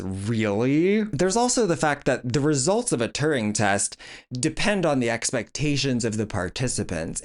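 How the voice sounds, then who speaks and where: Male vlog host with a mid-range voice, blunt and sarcastic, commentary delivery. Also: medium pitch. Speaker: video essay host.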